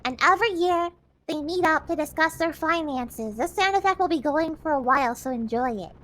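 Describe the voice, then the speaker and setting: A woman's voice: high voice, brisk, a bit bright. A woman hosting a game stream, chatting casually, giggling often and explaining the story to her co-hosts. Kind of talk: casual chat.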